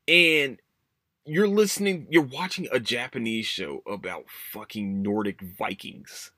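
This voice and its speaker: A man's voice: mid-range voice, unhurried, no room sound, clean studio sound. A man hosting a casual solo podcast, ranting with lots of swearing and restarts. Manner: animated, profane ranting with many restarts. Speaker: podcast host.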